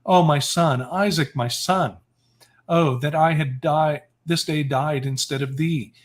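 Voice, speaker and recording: A man's voice: on the high side, a little slow, natural voice. A man reading the part of an aged mother lamenting her lost son in archaic, mournful speech. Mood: grieving.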